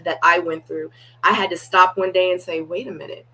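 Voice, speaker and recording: A woman's voice: lowish voice, flat delivery, normal speed, pushed and bright, rough recording. A woman hosting a live reaction watch party, talking candidly and straight to her viewers. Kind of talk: casual reaction commentary.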